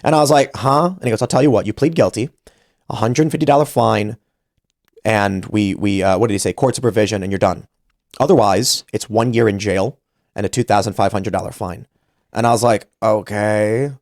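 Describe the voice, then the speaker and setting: A man's voice: fairly low pitch, a little fast, a little mellow, dry recording, clean studio sound. A man in his thirties hosting a podcast, telling a story casually and animatedly, acting out the voices he quotes. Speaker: podcast host.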